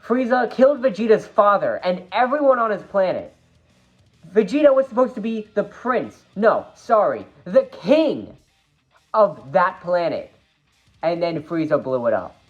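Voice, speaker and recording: A woman gives a lively fan review of a movie, sounding emphatic and exasperated, her voice jumping up whenever she gets worked up. She has a medium pitch and takes her time. The audio is lo-fi, with faint music in the background.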